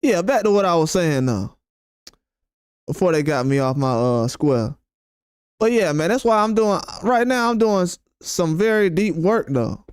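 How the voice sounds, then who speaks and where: Heated, high-voiced male streamer ranting. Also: clear, resonant tone, dry recording, clean studio sound. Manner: profane, blunt and repetitive. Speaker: boxing YouTuber host. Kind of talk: heated live-stream rant.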